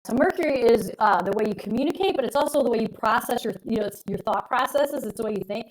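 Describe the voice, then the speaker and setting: Middle-aged woman, astrologer co-host, rambly and emphatic, voice sits a bit high. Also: expressive, quick pace, poor audio. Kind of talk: casual live-stream chat.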